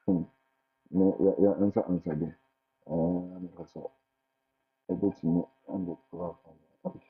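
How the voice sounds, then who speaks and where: A man, a teacher giving casual advice in an animated way, often repeating and restarting his words. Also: sits low, unhurried, vocal fry. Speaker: international teacher sharing his experience. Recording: phone-like line with faint music.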